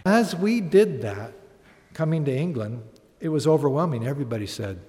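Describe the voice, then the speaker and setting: A man's voice: a little high, expressive, normal speed, darkish tone. Guy preaching a sermon, storytelling then getting earnest, big echoey hall. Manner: storytelling, rising to earnest emphatic appeals. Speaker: pastor. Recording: long hall reverb.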